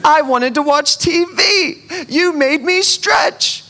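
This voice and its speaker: A man voicing an upset six-year-old girl who whines and shouts her complaints during a sermon. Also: extremely high pitch, slow pace, creaky, a little hiss or hum, pitched above the performer's own voice, exaggerated voice. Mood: whiny.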